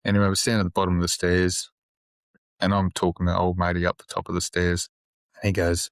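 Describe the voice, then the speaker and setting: A police officer telling a story on a podcast in a casual, halting way, with many fillers and restarts and easy swearing. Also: male voice, low-pitched, flat delivery, clean tone, no room sound.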